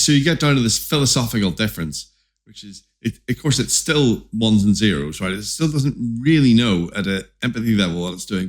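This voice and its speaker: Lower-voiced man, halting animated explainer. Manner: many restarts and repeated words, animated. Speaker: company founder, podcast guest. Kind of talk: casual interview talk.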